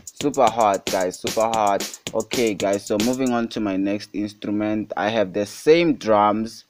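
A fairly low-voiced young man talks through a beat-making tutorial in an upbeat, hyped way, calling everything super hot. Quiet music plays behind his voice. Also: measured pace. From South Africa. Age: young adult. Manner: repeats "guys" and "super hot" constantly, upbeat hype. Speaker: music production tutorial host. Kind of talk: casual screen-recorded tutorial. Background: beat playing underneath.

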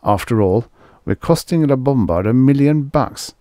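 A man's voice: medium pitch, expressive, moderate pace, dark tone, no echo, clean studio sound, voice pushed up, natural voice. A man doing a flustered garage partner. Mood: harried. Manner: harried, pleading. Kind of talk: audiobook character voice.

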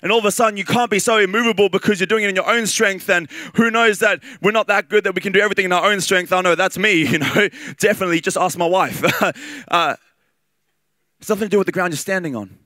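A man with an Australian accent preaching a sermon in a lively, conversational way, with fillers and repeated phrases. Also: high voice, fast, dry recording.

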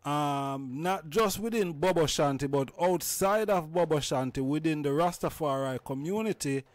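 A man's voice: a little high, moderate pace, no echo. A man with a Jamaican accent hosting a reasoning, asking questions in a hesitant way full of fillers. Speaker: host. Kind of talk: casual reasoning.

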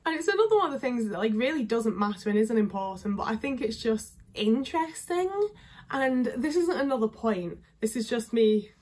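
A woman's voice: on the high side, animated, moderate pace, darkish tone, breathy edge. Chatty young woman, northern english accent. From England. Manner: chatty, lots of fillers, candid. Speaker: vlogger. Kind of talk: casual talking-head chat.

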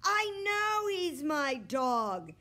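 A woman voicing an eager young boy who pleads and shouts for his lost dog. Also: high-pitched, sing-song, extremely slow, pitched above the performer's own voice, exaggerated voice.

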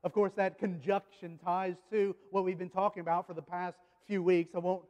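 Pastor, male, high voice, chatty sermon delivery, lots of restarts, live church reverb. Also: little pitch movement, normal speed, darkish tone, dull audio. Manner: conversational, repeats words and restarts, speaks directly to the congregation. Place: church sanctuary.

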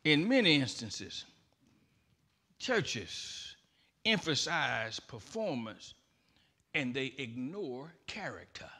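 A man preaching a sermon in church, building from quiet, deliberate phrases to shouted, emphatic lines. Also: mid-range voice, sing-song, breathy edge. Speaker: pastor.

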